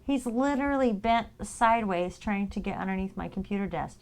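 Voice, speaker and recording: A woman's voice: mid-range voice, animated, a little fast, darkish tone, slight background noise. A woman chatting casually on a live stream while she crafts at her desk at home. She laughs often and talks to her viewers and her dog. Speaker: streamer making her own merch.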